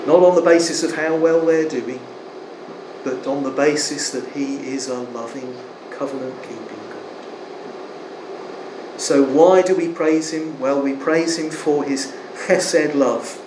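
A man preaching a sermon in an earnest, emphatic way, slowing to stress key words. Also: mid-range voice, fairly even intonation. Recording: echoey room, faint air conditioning hum.

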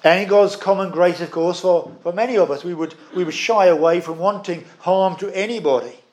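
Earnest male preacher, higher-pitched voice, emphatic sermon delivery with deliberate pauses. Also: darkish tone.

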